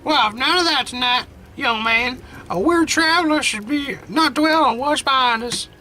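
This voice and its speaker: A man voicing a frail, tender elderly grandmother in a game, with a high, quavering old-lady voice and slow, drawn-out lines. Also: sharp tone, a little hiss or hum, exaggerated voice, poor audio. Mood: fussing.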